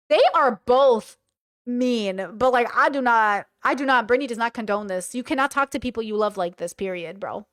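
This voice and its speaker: High, smooth-voiced woman reacting bluntly. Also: a bit bright, no room sound, studio quality. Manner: blunt, slangy, quick judgments. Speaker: reaction commentator. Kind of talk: casual reaction commentary, reading messages aloud.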